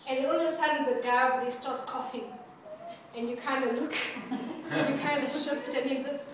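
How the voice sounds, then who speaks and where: A woman's voice: high-pitched, steady tone, a little fast. A woman preaching an interactive sermon, playfully asking the congregation questions and laughing often. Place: church hall. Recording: echoey hall, distant mic, background hiss.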